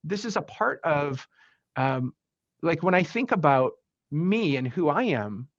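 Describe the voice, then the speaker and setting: Halting, emotional man with a raised voice. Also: on the high side, very animated, dry recording, lo-fi sound. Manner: halting and emotional, many fillers and restarts. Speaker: podcast guest. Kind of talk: personal storytelling in a podcast interview.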